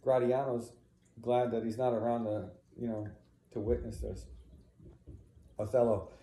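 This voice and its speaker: A man teaching a play, stopping between readings to explain scenes in a relaxed, conversational way and checking in with "right?". His voice is mellow and dark, and a roomy echo surrounds it. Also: medium pitch, measured pace.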